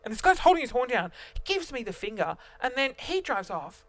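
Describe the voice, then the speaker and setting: A young man, a vlogger, tells a story to camera in an animated, self-mocking way, his voice swinging between loud and quiet. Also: very high-pitched, quick pace, no room sound.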